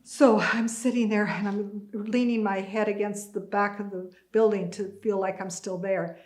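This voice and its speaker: A woman's voice: mid-range voice, steady tone, normal speed, a little mellow, roomy sound. An older woman recounting a personal survival story to an audience, acting out her own thoughts and the dialogue vividly. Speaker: community storyteller.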